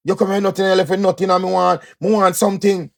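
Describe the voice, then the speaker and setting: Male speaker, Jamaican Patois, gravelly voice, preachy motivational monologue, emphatic and repetitive. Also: high-pitched, level tone, fast. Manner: emphatic, repetitive, swings loud and soft.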